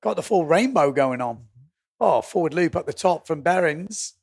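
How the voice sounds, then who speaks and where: English guy calling a windsurf event live, gravelly voice, laughs a lot. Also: fairly high pitch, lively intonation, darkish tone, dry recording, studio quality. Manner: jokey, laughs easily, quick asides. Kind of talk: live sports commentary and banter.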